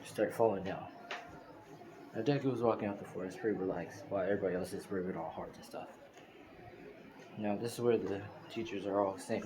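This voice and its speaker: A man's voice: low voice, fairly even intonation, fairly quick, pauses often. A man narrating a fan-made story in a loose, rambling way with many fillers. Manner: loose, filler-heavy retelling. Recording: noisy screen-recorded phone audio.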